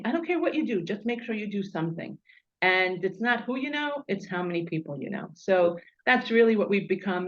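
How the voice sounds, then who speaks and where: A woman, a nonprofit founder talking earnestly and heartfelt as an interview guest. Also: mid-range voice. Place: at a high school event. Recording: slightly dull lo-fi sound.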